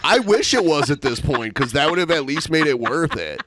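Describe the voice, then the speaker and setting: A man's voice: on the high side, big pitch swings, moderate pace, a bit bright, no room sound. A man co-hosting a podcast in casual banter, defensive and exasperated, swearing often. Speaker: co-host.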